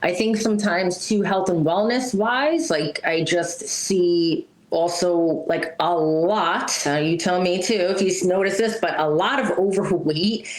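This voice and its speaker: A woman's voice: lowish voice, a little slow, hardly any pauses, reverberant, rough recording. A woman speaking as a pet wellness guest in a casual interview, blunt and chatty, often adding "right?" and "you know".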